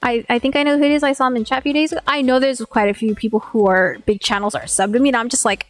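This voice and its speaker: A woman's voice: fairly high pitch, steady tone, racing, hardly any pauses, faint music behind. A woman VTuber streamer talking casually while she works, rambling, swearing freely and filling her speech with "like". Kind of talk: casual live-stream chat. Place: home streaming setup.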